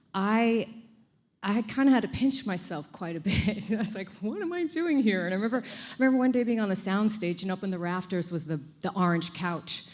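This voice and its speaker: A middle-aged woman chatting as an interview guest, telling stories and laughing often. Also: medium pitch. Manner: laughs often, animated storytelling. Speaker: actress guest. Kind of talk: casual interview chat.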